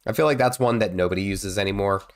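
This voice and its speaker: A man's voice: on the low side, quick pace. A man in his thirties, congested with a cold, rambling casually as he streams a game and reacts to it. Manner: rambling, chatty, exclaims at the game. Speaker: gaming streamer. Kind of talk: casual live gameplay commentary.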